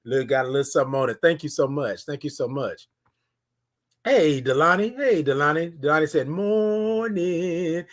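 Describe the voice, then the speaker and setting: A woman's voice: very deep voice, lively intonation, brisk. A woman hosting a live morning show, greeting viewers in a sing-song way and stretching out her words. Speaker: host.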